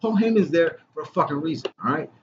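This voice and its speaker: Excitable man talking wrestling. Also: a little high, fast. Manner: excitable, swears a lot, says bro and dude. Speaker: podcast co-host. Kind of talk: casual chat about wrestling. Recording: lo-fi with clear background noise.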